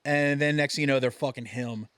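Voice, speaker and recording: A man's voice: mid-range voice, a little fast, clear, resonant tone, dry recording. A man co-hosting a podcast, telling crude stories in casual chat and acting out the voices of the people in them. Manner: profane, animated storytelling with acted-out voices. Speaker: podcast co-host.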